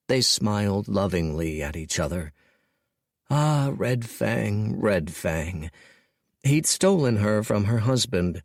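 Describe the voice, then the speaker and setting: Man narrating an audiobook, slow and lively. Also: lowish voice, no echo, studio quality.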